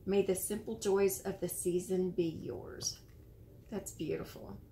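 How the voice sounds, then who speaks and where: An American woman hosting a casual show-and-tell of handmade cards, admiring and gentle, sometimes searching for words. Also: fairly low pitch, fairly even intonation, a little slow, slight background noise. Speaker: card-making channel host.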